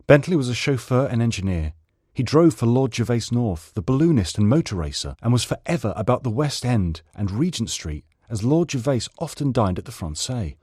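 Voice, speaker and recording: A man from Manchester, England, reading a story aloud in an expressive, dramatic style. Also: medium pitch, normal speed, few pauses, breathy edge, dry recording, studio quality. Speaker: story reader. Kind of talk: audiobook narration.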